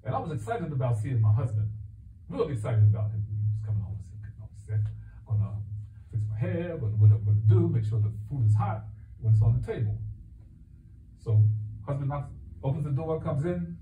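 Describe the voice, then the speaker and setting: A man's voice: mid-range voice, expressive, a little fast, faint music behind. A man who works as a counselor gives a conversational religious talk. He tells stories and acts out the dialogue in them. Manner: storytelling, acts out dialogue in quotes. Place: mosque hall. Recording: echoey hall, far from mic, tinny phone-like sound.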